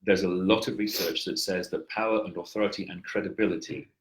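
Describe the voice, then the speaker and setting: A man's voice: low-pitched, steady tone, a little fast, slight background noise, rough recording. A man giving presentation coaching on a video call, explaining things patiently with wry, dry humor. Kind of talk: coaching feedback chat. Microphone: headset.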